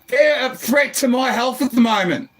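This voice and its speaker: Agitated Australian man with a very high voice. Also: expressive, moderate pace. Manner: agitated, swearing, often shouting, repeats himself. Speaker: man arguing with police through his door. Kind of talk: heated argument.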